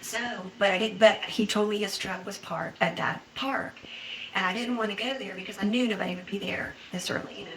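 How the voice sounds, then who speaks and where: A woman in a police interview, retelling events in a halting, rambling way and quoting what was said. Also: medium pitch, steady tone, fairly bright tone, slight background noise, poor audio.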